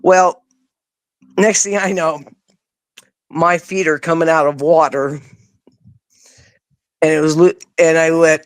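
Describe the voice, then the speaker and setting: A woman's voice: low-pitched, unhurried, long pauses, dry recording. A woman as an interview guest, telling a personal story in casual words and acting out what she said back then. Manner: animated, acts out her own past words; casual, informal wording.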